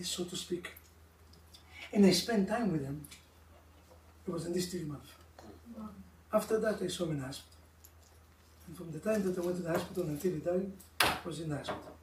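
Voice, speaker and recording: A middle-aged rabbi with an Israeli accent tells stories to a couples class in lively, broken English, often mimicking other people's voices. He sits some way from the mic in an echoey room, with a faint hiss of noise behind him. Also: sits high, recorded from a distance. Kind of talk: informal religious class with stories. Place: room of a live-streamed class.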